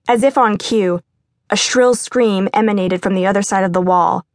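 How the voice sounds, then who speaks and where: A woman reads a novel aloud in a measured, even storytelling voice. Her pitch sits in the middle for a woman. The recording is close and dry, with no room sound. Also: dry recording. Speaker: audiobook narrator. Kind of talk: scripted narration.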